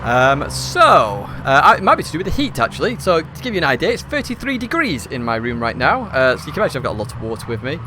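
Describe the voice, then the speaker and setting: A slightly hoarse man, hosting a live esports race stream from a hot room at home and commentating in a chatty, upbeat, rambling way. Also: a little high, wildly swooping pitch, quick pace, few pauses, noisy background.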